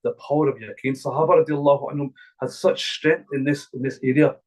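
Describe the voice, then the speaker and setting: A man's voice: mid-range voice, fairly even intonation, quick pace, darkish tone, low-quality recording. Man preaching earnestly. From Glasgow, Scotland. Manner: earnest, repetitive, emphatic preaching. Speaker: imam. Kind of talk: religious talk to a gathering.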